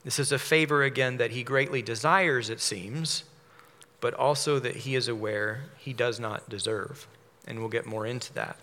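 A man preaching a measured sermon, explaining a psalm verse by verse. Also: medium pitch, sharp tone. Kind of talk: expository sermon. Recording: long hall reverb.

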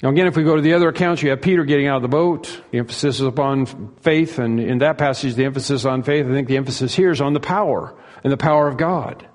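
Earnest preacher in a reverberant hall. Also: male voice, mid-range voice, quick pace, few pauses. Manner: earnest, repeats key phrases for emphasis. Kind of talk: expository sermon. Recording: long reverb of a large hall.

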